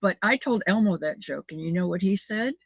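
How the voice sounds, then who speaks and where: A woman's voice: medium pitch, lively intonation, brisk, husky, dry recording. An older woman hosting a casual livestream, chatting affectionately with viewers and reading their comments aloud. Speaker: livestream host reading chat. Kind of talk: casual chat. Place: home. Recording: dull lo-fi dry sound.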